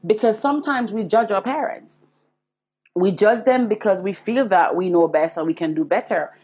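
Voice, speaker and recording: A woman's voice: mid-range voice, normal speed, darkish tone, slightly rough. A Jamaican woman in her forties, hosting a podcast and telling her own life story in an earnest, confiding way, speaking straight to her listeners. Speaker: podcast host. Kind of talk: personal storytelling monologue.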